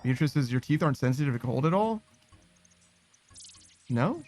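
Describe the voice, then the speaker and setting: A man's voice: mid-range voice, expressive, moderate pace, a little mellow, soft background music. A man chatting casually while streaming a game, rambling, swearing and laughing at himself. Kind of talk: casual chat while gaming.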